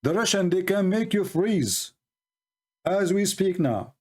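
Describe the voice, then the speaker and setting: His high, darkish voice moves slowly and expressively as he mocks opponents in a live call-in debate over religion and politics. In non-native English, he combatively throws out one rhetorical question after another.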